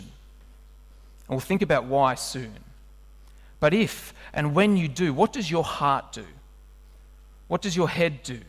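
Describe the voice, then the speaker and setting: Male preacher in a reverberant hall. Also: fairly high pitch. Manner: animated, asks the listeners rhetorical questions. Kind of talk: sermon.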